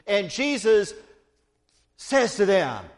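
A man's voice: high-pitched, sing-song, slow. A man preaching a sermon, retelling a story with playful asides to the congregation.

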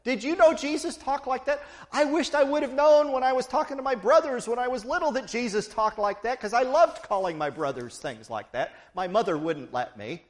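A man's voice: very high-pitched, expressive, brisk, hardly any pauses. A man preaching a sermon, retelling a story with playful asides to the congregation.

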